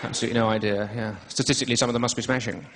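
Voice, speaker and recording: Posh English male stand-up, rapid and deadpan, recorded live with background noise. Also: medium pitch. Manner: dry, self-mocking, drawn-out delivery with pauses for laughs. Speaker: stand-up comedian. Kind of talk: stand-up comedy set. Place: comedy stage before a live audience.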